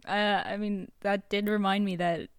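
A woman's voice: mid-range voice, flat delivery, normal speed, clear, resonant tone, dry recording, clean studio sound. A woman co-hosting a podcast, chatting casually with many fillers and easy laughs. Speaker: podcast co-host. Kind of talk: casual chat.

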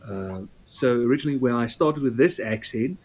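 A man's voice: mid-range voice, normal speed, darkish tone. A man from South Africa co-hosting a podcast, enthusiastic and emphatic, with a radio presenter's delivery. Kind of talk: casual chat.

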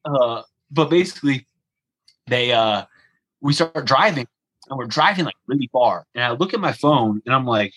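A man's voice: mid-range voice, normal speed, poor audio. A young man telling a travel story in a casual conversation, acting out the dialogue and using lots of "like" fillers. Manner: animated, acts out the dialogue, frequent "like" fillers.

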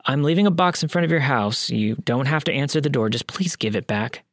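A man's voice: mid-range voice, lively intonation, brisk, no echo, studio quality. A man voicing a pleading, emotional middle-aged mother in a told story. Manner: pleading, earnest.

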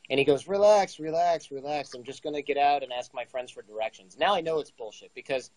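A guest storyteller in his forties casually tells a story, acting out the dialogue with lots of energy. He has a mid-range voice and talks fast. The recording is rough but has no echo.

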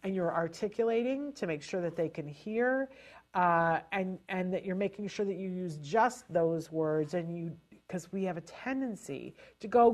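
A woman giving parents casual spoken advice in a lively, chatty way, often restarting her sentences. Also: fairly low pitch, moderate pace. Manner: animated and chatty, with frequent restarts. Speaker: advisor to parents on child language delay.

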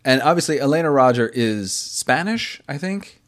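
A man hosting a podcast in casual chat, enthusiastic and quick to laugh, rambling through his points. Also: medium pitch, expressive, a bit bright. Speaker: podcast host.

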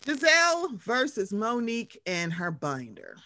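A woman's voice: on the high side, unhurried, no echo. A woman casually recapping reality TV, acting out quotes with lots of laughter and swearing. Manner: animated, acts out quotes, swears, laughs a lot.

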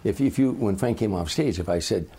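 Older man, husky low voice, animated storyteller, interview guest. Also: brisk. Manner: animated raconteur, acts out voices. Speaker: comedian guest.

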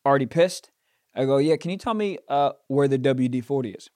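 A man on a podcast telling a comic story in casual chat, swearing and rising to loud, indignant outbursts. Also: mid-range voice, a little fast, no room sound, clean studio sound. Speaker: podcast host.

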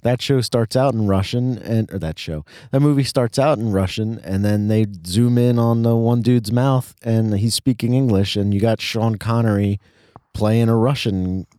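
A man's voice: on the low side, moderate pace, warm tone, no room sound. A man hosting a podcast, trading dry quips in a casual movie chat. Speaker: podcast host.

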